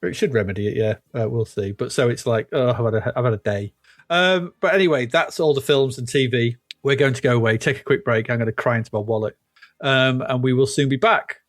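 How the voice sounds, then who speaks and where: A man's voice: mid-range voice, fairly quick, no room sound, clean studio sound. A man co-hosting a podcast in casual chat, rambling and laughing easily, with many ums and uhs. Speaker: podcast co-host.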